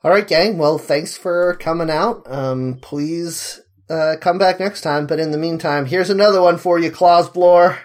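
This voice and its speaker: A man's voice: a little high, moderate pace. A young man co-hosting a podcast, chatting casually with a wry, joking delivery. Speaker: podcast co-host. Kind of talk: casual chat.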